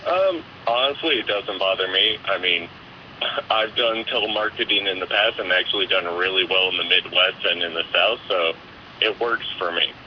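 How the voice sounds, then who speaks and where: A man calling a radio show, with a nasal, monotone voice. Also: low-pitched, normal speed. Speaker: caller. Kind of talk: phone-in call. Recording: dull phone line with faint hiss.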